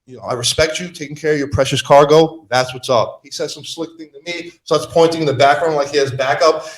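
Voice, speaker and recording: A young man hosting a podcast, telling a story with animated energy and loudly acting out what was said. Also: on the high side, fast, hardly any pauses. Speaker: podcast host. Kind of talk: casual chat.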